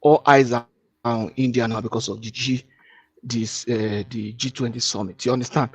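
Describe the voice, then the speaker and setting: A man's voice: mid-range voice, steady tone, normal speed, husky, no echo. A man on a discussion panel, assertively explaining a point.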